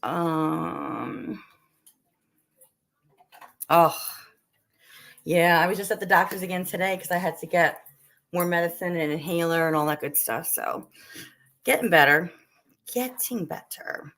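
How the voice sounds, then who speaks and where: With dogs barking in the background, a woman in her home kitchen cooks and hosts a relaxed livestream, chatting with viewers and her dogs while still coughing slightly. Her lowish, somewhat bright voice has vocal fry, a steady tone, a measured pace and long pauses.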